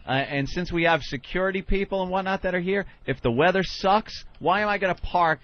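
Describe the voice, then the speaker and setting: A man's voice: high-pitched, brisk. A man co-hosting a radio show, telling stories in crude, profane banter with a brash manner. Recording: dull lo-fi radio broadcast.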